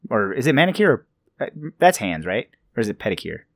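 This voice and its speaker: A man's voice: lowish voice, very animated, fast talker, creaky, no room sound. A young man hosting a casual podcast chat, easygoing and often repeating words as he thinks.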